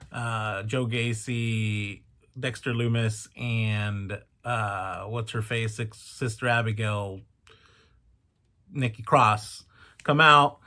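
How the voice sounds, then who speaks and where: Brief: male wrestling reviewer, high lively voice with cracks, chatty and incredulous. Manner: chatty, incredulous, rambling asides. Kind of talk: casual review vlog.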